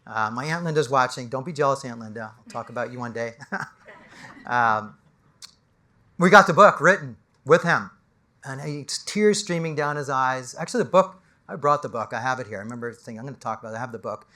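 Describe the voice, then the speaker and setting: A middle-aged man, an executive coach giving an animated motivational talk on stage, swinging from loud to hushed as he tells stories. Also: mid-range voice, fairly quick.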